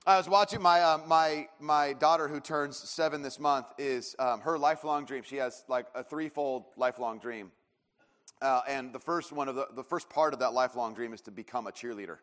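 A man's voice: medium pitch, normal speed, fairly bright tone. A man in his thirties preaching a sermon, telling a story in a rambling way with lots of fillers and restarts. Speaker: pastor. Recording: long hall reverb.

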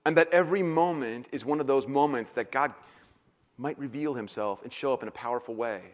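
In this sermon, a middle-aged pastor talks a little fast at a medium pitch. He tells stories at his own expense, animatedly voicing the characters himself. The sound has a long hall reverb.

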